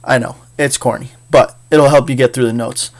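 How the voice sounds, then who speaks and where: A man's voice: mid-range voice, steady tone, moderate pace. A man teaching a casual history lecture in a chatty, jokey way with frequent fillers. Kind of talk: casual recorded class lecture.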